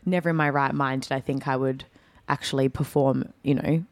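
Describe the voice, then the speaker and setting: Young woman, low-pitched, chatty and self-mocking, casual interview guest. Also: fairly quick, no echo. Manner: chatty, self-deprecating, animated when quoting herself. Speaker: guest, performer and MC. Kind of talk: casual chat.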